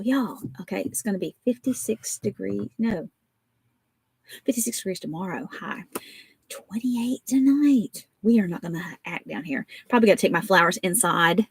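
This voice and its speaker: A woman's voice: mid-range voice, breathy edge. A woman, chatting in a rambling, folksy way while crafting on a home livestream. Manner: rambling, folksy, animated storytelling. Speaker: papercraft vlogger.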